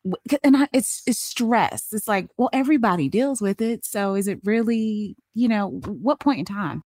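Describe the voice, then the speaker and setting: A woman's voice: medium pitch, moderate pace, darkish tone, no room sound, studio quality. A woman co-hosting a podcast interview, asking questions in a casual way. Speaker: podcast co-host. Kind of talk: conversational interview.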